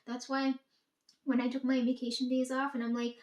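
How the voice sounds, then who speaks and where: A woman's voice: fairly high pitch, little pitch movement, a little fast, darkish tone. A woman in a casual, profane monologue, ranting and quoting herself and her family. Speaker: vlogger. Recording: echoey room.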